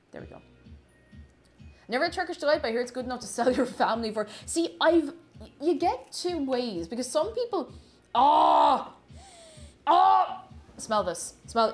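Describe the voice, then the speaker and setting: Woman streamer, casual kitchen chat, gushing and talkative, slightly raised pitch, soft music underneath. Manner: chatty and gushing, reads viewer comments aloud. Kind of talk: casual chat while baking on a livestream. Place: home kitchen.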